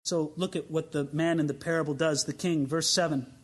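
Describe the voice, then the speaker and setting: A man's voice: on the high side, fairly quick. A man preaching a sermon, reading scripture and acting out the voices of the people in the story. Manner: animated, acts out voices of listeners and the king. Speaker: pastor.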